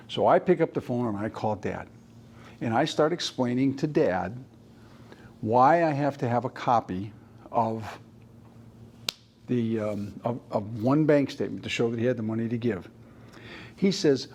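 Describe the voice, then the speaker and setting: A man's voice: medium pitch, lively intonation, normal speed, a little mellow, slightly rough. A man who is a mortgage lender, giving a training talk and telling stories with acted-out dialogue.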